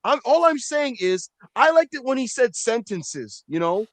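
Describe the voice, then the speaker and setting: A man's voice: very high voice, big pitch swings, normal speed, no room sound, rough recording. A man ranting animatedly on a casual wrestling podcast, swearing and mocking the people who doubted him. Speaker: podcast co-host.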